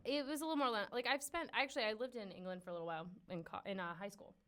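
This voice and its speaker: A woman's voice: mid-range voice, rapid-fire, a bit bright. A woman chatting as a guest on a casual podcast, playful and teasing, often laughing.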